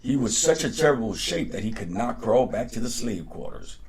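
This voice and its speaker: A man hosting a show and reading a folktale aloud in a lively, unhurried way. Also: mid-range voice. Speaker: podcast host and storyteller.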